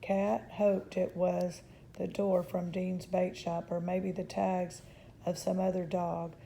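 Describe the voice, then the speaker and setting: A woman reading a children's chapter book aloud in a calm, measured way. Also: on the low side, vocal fry, a little hiss or hum. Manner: calm, measured, occasional restarts.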